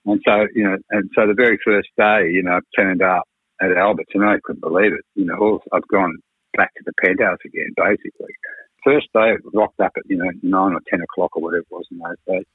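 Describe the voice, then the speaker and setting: A man's voice: sits low, fairly even intonation, a little fast, husky, dry recording. A man, a record producer, telling rambling, frank stories in a radio interview, full of "you know" and the odd swear. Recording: tinny phone-like radio line.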